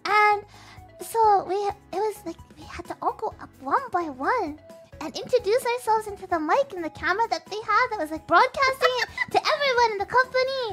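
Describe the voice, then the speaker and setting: A woman's voice: very high voice, a little fast, soft background music. A woman co-hosting a stream, telling a dream in casual chat with lots of giggling. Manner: giggly, animated storytelling. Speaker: streamer co-host.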